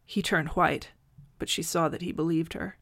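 A woman reading fan fiction aloud in a gentle, measured narrating voice. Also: low voice, steady tone, vocal fry. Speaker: audiobook reader.

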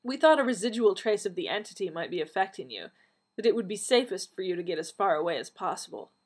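A woman voicing Nyssa, a calm, caring young alien woman who explains matter-of-factly, with a slightly raised, husky voice. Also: mid-range voice, fast.

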